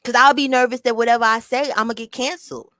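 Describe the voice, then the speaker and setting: A woman's voice: on the high side, fairly even intonation, fast talker, fairly bright tone, dry recording. A woman hosting a casual livestream, talking bluntly and with plenty of profanity straight to her chat through a small mic near her mouth. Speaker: channel host.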